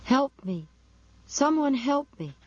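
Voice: high-pitched, very animated, takes it slowly, dry recording, voice pushed up, heavily acted. A narrator putting on a terrified, pleading injured man. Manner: pleading, shuddering with pain and fear. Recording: dull lo-fi recording.

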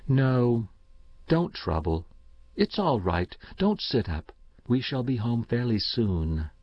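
A man's voice: mid-range voice, sing-song, slow, dry recording. A man doing a worried upper-class mother in a storybook reading. Her voice is raised and tight with strain. The recording is a little dull and dry. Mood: reluctant. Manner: tense, strained.

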